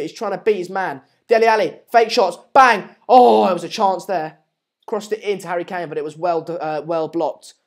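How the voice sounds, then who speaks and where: A young man with a high-pitched voice hosts a casual live watchalong, commentating and chatting loosely with lots of ums, fillers and restarts. He reads out and answers viewer messages as he goes, breaking into excitable bursts when match updates come and the play picks up.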